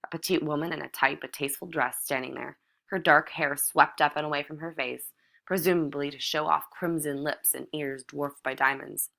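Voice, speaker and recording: A woman reads a novel aloud in a measured, even manner. Her voice sits low and steady. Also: gravelly. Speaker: audiobook reader. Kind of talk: novel narration read aloud.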